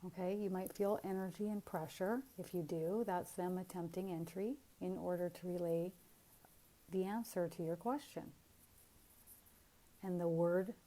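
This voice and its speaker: Woman spiritual teacher, low-pitched and warm, calm and earnest, encouraging in tone.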